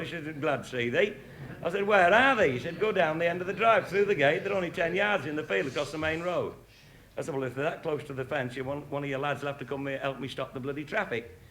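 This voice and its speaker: Earthy storyteller, slightly high voice. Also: male voice, a bit bright. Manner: dry, earthy, swears casually, chuckles at own jokes. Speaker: comic storyteller. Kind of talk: anecdotal comic storytelling.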